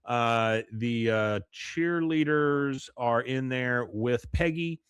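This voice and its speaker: Man, podcast host, casual recap, rambling with fillers, dry close sound, mid pitch. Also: takes it slowly, a bit bright, smooth, no echo. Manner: rambling, many fillers, reads quotes aloud.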